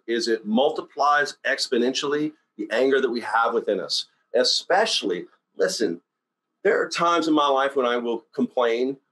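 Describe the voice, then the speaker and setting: A man giving a casual motivational sales-training talk in a blunt, rambling, animated storytelling way. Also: medium pitch, poor audio.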